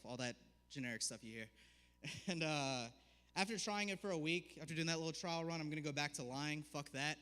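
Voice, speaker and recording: Sheepish young-sounding comic. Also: male voice, fairly high pitch, normal speed, sharp tone, clean tone. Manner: sheepish storytelling with chuckles. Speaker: stand-up comedian. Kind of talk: stand-up comedy set. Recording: reverberant bar hall.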